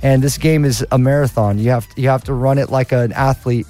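A man's voice: medium pitch, steady tone, fairly quick, warm tone. Easygoing man rambling with restarts. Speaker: guest musician. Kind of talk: casual interview chat.

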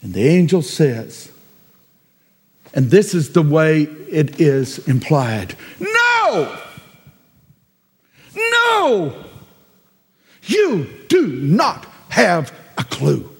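A man preaches a sermon with a high, swooping voice. He drawls slowly and hammers his points through repetition and sudden loud cries. His words ring out with a long church-hall reverb. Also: big pitch swings, creaky, slightly rough. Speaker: pastor.

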